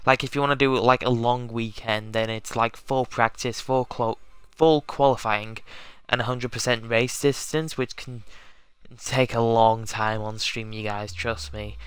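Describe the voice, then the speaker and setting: A man's voice: medium pitch, fairly even intonation, measured pace, fairly bright tone, clear, resonant tone, no room sound. A man casually chatting to his viewers as he sets up a live game stream, rambling and correcting himself as he goes.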